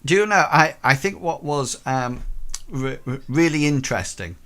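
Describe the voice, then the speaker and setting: A man narrating a tabletop horror game as game master, halting and full of ums. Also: fairly high pitch, animated, fairly bright tone.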